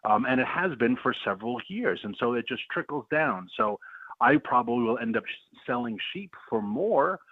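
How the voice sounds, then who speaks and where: A man's voice: mid-range voice, lively intonation, moderate pace, no room sound. A man calling into a radio show as a guest, talking in a blunt, scornful and folksy way over the phone. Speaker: guest, farmer and policy director. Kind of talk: phone interview. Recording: tinny phone line.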